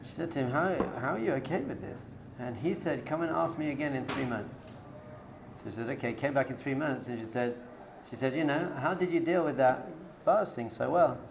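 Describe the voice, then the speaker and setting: Male rabbi, mid pitch, casual direct lecturing style, light background hiss. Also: animated, fairly quick, vocal fry, hardly any pauses. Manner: conversational, direct, coaching tone with everyday analogies. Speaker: rabbi teaching a class. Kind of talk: informal spoken lecture to a live group.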